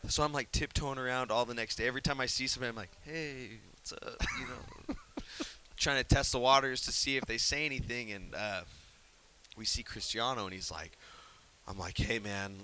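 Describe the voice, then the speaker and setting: A man recounting a story in a casual interview, his voice bright and forward. He is animated and laughs often, dropping into hushed whispers when he acts out what he said. A faint hiss sits under the recording. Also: mid-range voice, a little fast.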